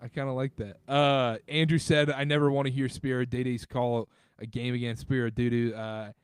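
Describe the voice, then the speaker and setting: A man from the American South hosting a casual sports podcast, talking in an animated way and jumping up in pitch when excited. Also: moderate pace, clear, resonant tone, no echo. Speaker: podcast host.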